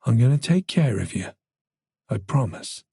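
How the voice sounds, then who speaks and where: A narrator doing a calm Irish police chief. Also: male voice, medium pitch, moderate pace, creaky, slightly rough, no room sound, studio quality, exaggerated voice. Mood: reassuring. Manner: soothing, maddeningly reasonable.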